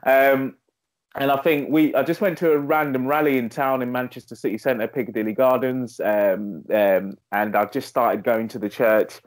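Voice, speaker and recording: A man's voice: mid-range voice, moderate pace. A male podcast host, born in Zimbabwe and raised in Essex, talking reflectively with many fillers. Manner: reflective, rambling with fillers, animated when retelling. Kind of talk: casual chat.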